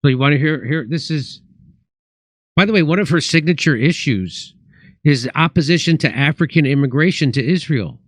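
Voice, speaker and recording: A man's voice: a little high, lively intonation, moderate pace, dry recording. A man hosting a comedic talk show, telling stories and acting out both sides of a conversation. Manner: storytelling with acted-out quotes. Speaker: host.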